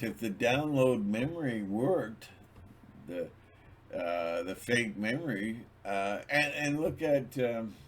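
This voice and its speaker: A man's voice: sits low, slight background noise. A man hosting his own channel, talking in a rambling, digressive monologue with many restarts. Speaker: channel host.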